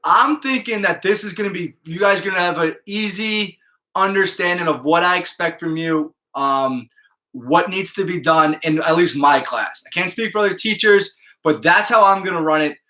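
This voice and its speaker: Male math teacher, upbeat and casual, slightly high bright voice, keeps checking in with students. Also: moderate pace. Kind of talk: live online class talk to students.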